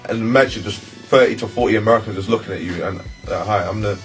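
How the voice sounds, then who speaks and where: Low-voiced young London man. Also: fast, faint music behind. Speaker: interviewee. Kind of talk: casual storytelling.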